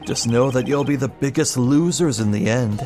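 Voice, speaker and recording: Sneering gloater of a man, as a voice actor puts him on in a game dub. He drawls out his taunts at an even middle pitch, with faint music behind. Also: normal speed, lightly acted. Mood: gloating. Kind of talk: amateur video game voice-over.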